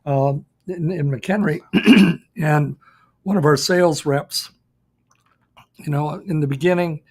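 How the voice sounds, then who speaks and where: A man's voice: on the high side, takes it slowly, darkish tone, husky. A man hosting a podcast in casual chat, asking questions and sharing his own stories. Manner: asks questions, then shares his own story. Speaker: podcast host.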